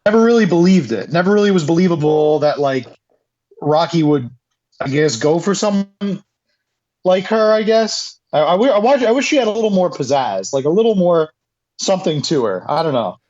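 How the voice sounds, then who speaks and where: A man co-hosting a casual movie podcast, talking in a rambling, halting way. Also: a little high, big pitch swings, a little mellow, lo-fi sound. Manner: rambling, halting, with restarts and laughs. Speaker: podcast co-host.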